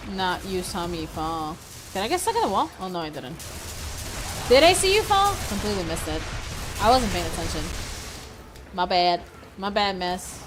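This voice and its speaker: A woman livestreaming a game, chatting casually with her viewers; she is excitable, swears freely and laughs often. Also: on the low side, moderate pace, over music. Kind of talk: casual gaming livestream chat.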